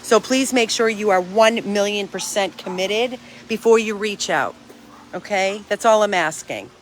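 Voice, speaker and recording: A woman's voice: mid-range voice, measured pace, slight background noise. A woman who runs a dog rescue, talking to her followers outdoors in an earnest, emphatic, chatty way. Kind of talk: casual vlog to followers.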